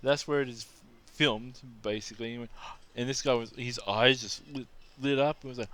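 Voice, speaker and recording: A man from Australia tells a casual, rambling anecdote, restarting phrases and drifting into asides. His voice sits at an ordinary middle pitch and has a smooth, resonant tone. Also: steady tone, moderate pace, a bit bright. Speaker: vlogger telling anecdotes. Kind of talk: casual storytelling monologue.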